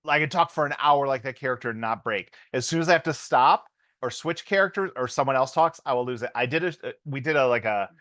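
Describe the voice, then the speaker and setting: A man's voice: mid-range voice, quick pace, a bit bright, dry recording, clean studio sound. A man co-hosting a podcast, chatting casually and joking, who likes doing comic impressions. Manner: jokey, slips into comic impressions. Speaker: podcast co-host. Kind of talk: casual chat.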